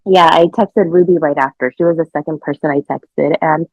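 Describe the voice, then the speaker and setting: A woman guest telling a personal story in a casual, excitable way, laughing and swearing freely. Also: lowish voice, normal speed, slightly rough, no room sound, highs cut off.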